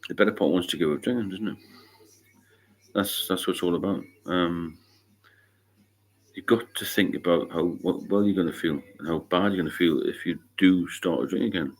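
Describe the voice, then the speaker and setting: A man's voice: low-pitched, normal speed. A middle-aged man from England hosting a casual livestream chat, talking bluntly, swearing freely and wandering into anecdotes. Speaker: livestream host.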